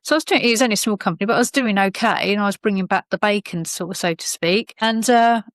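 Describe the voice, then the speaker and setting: A woman's voice: mid-range voice, fast talker, dry recording. A middle-aged British woman, a podcast guest, telling her personal story candidly in a rambling way with many fillers and restarts.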